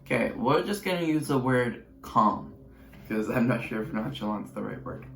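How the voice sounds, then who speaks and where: A man's voice: medium pitch, expressive, normal speed, vocal fry, fairly bright tone. A teenage boy YouTuber telling a casual storytime vlog with chatty, sarcastic asides and rambling restarts. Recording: roomy echo.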